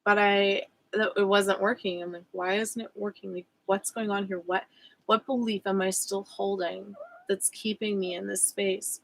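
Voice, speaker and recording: A woman's voice: medium pitch, level tone, moderate pace, gravelly, low-quality recording. A woman speaking as a spiritual coach in a personal vlog, candid and reflective, with frequent fillers and self-corrections. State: emotional.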